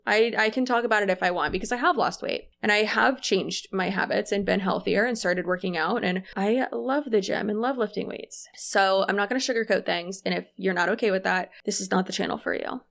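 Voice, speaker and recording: A woman's voice: medium pitch, a little fast, vocal fry, few pauses, fairly bright tone. Blunt, sarcastic woman commentator. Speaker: reaction channel host. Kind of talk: reaction commentary.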